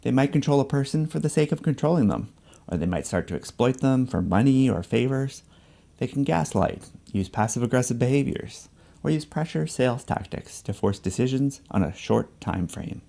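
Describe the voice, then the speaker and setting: A man giving measured, scripted narration for an explanatory video essay. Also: mid-range voice, animated, creaky, mellow.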